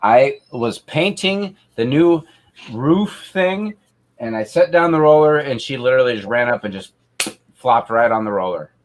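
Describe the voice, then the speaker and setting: Male streamer, everyday voice, profane and laid-back, gentle baby talk with his pet. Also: mid-range voice, animated, normal speed, slight background noise. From Canada. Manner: profane, talks softly to his dog. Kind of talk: casual chat, swearing a lot.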